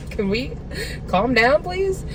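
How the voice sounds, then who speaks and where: A woman with a high-sitting voice vlogs from her car, casually venting her frustration to the camera. She rambles with lots of filler words, and the background is noisy.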